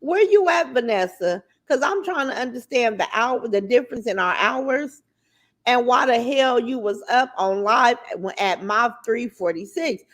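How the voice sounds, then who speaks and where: A woman hosting a casual livestream, greeting viewers by name and chatting in a lively, talkative way with features, swearing now and then. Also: a little high, measured pace. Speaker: livestream host.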